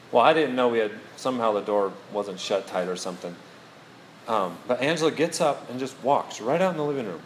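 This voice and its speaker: A man's voice: on the low side, a little fast, slight background noise. Man preaching with jokey storytelling. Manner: storytelling, self-mocking humor. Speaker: pastor. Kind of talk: sermon.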